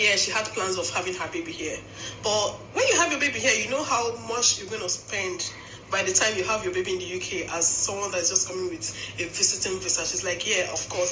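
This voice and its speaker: A young woman vlogger telling a story in a chatty, emphatic way, often adding tag questions. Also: on the low side. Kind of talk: casual storytelling chat. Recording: roomy with faint noise.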